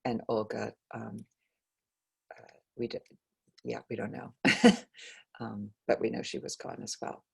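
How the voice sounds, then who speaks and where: A woman author talking about her book over a video call, halting with many fillers and restarts, and losing her voice. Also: rumbling low, flat delivery, creaky, darkish tone, husky. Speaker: author guest. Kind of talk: conversational book talk.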